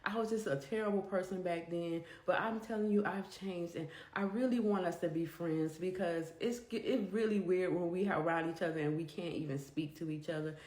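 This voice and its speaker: A woman's voice: lowish voice, fairly quick, hardly any pauses, a little mellow, echoey room, close to an everyday voice. A woman voicing a sly young woman, a former bully turned sister-in-law, who talks in a coaxing, pushy way.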